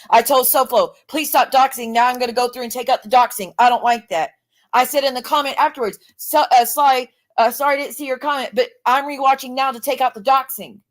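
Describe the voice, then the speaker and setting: Woman livestream host, slightly high voice, defensive and profane in a call-in dispute. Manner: defensive, swearing, rising to angry outbursts. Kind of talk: heated livestream argument.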